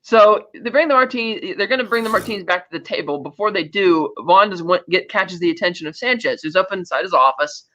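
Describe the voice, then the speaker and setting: Bright-voiced woman chatting over a dull line. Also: mid-range voice, fairly quick, hardly any pauses. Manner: chatty storytelling, acts out film dialogue. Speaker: podcast co-host. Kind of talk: casual film-recap chat. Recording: dull lo-fi mic.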